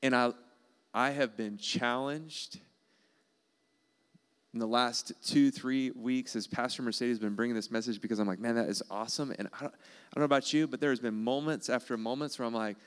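A man's voice: mid-range voice, steady tone, normal speed, clean tone. A man preaching a sermon in an earnest, emphatic way, repeating key phrases. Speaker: pastor.

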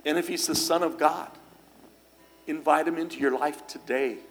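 A pastor with a fairly high voice, steady tone, and normal pace delivers a church sermon blending scripture with homespun stories. His manner is folksy and easygoing, peppered with small fillers and restarts, while faint music plays behind him.

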